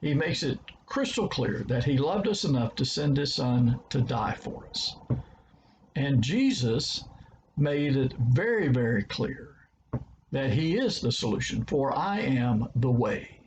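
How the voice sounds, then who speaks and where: A man's voice: mid-range voice, sing-song, measured pace, a little hiss or hum, rough recording. A man preacher with a Southern American accent giving a short devotional talk, earnest and stressing words by repeating them.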